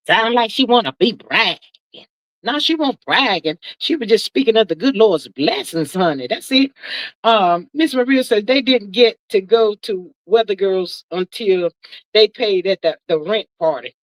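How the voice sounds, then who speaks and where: A woman's voice: normal speed, dry recording, poor audio. A woman in her sixties hosting a livestream, gossiping in a drawling, chatty way and calling everyone "child" and "honey". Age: 60s. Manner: lively, swoops high for emphasis. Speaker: livestream host. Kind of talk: casual gossip commentary.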